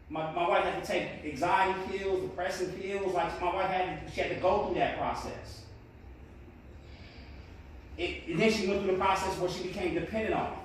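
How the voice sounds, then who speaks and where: A man's voice: high voice, a little hiss or hum. A man speaking earnestly to a class of students as a motivational speaker, rising to emphatic peaks. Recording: very echoey room, distant mic.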